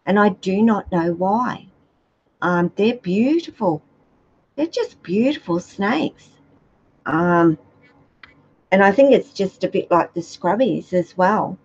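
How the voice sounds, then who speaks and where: Slow-talking Australian woman, lo-fi. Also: medium pitch, expressive, darkish tone, husky. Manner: rambling, hesitant, many fillers. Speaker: reptile keeper vlogger. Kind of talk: casual chat answering viewer questions.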